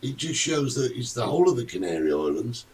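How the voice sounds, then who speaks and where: A man hosting a casual live-streamed talk show, chatting in an animated, storytelling way. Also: mid-range voice, fairly quick. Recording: distant mic with faint room noise.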